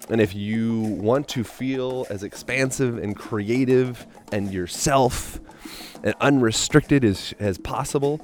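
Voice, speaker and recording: A man hosting a podcast, talking in a loose, joking, playful way. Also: mid-range voice. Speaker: podcast host. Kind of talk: casual podcast monologue.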